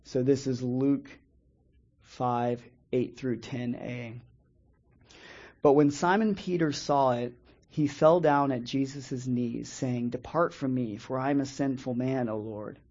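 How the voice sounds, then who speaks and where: A man preaching a Bible lesson in a measured way, reading scripture slowly and pausing often. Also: medium pitch, creaky, dark tone, highs cut off. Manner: measured, reads scripture slowly with pauses and restarts. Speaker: preacher teaching a Bible study. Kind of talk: sermon-style Bible teaching.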